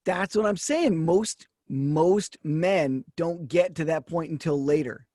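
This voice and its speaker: A man in his early forties co-hosting a podcast, talking in halting restarts with joking banter. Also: fairly high pitch, warm tone, no room sound, clean studio sound. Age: 40s. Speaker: podcast co-host. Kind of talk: casual podcast chat.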